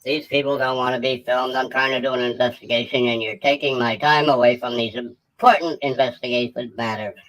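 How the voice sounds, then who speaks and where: A man voicing a pompous, bratty male roadside auditor as a comedic parody voice-over, his voice sped up into a chipmunk pitch. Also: steady tone, fairly quick, hardly any pauses, a bit bright, poor audio. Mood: smug. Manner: whiny, self-important, mocking. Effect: sped-up chipmunk pitch shift.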